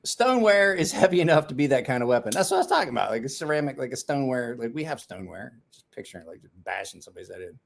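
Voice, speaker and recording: This livestream host has a medium-pitched, gravelly voice and speaks at a racing, very animated clip. He rambles through profane anecdotes, breaks into laughter often, and responds directly to what viewers write in the chat.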